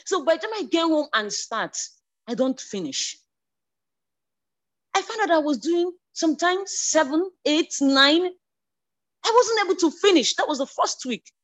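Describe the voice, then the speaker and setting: High, lively-voiced woman giving testimony. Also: measured pace, long pauses. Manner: emotional, rising to near-shouted bursts, repeated restarts. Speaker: church member sharing a testimony. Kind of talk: spoken testimony.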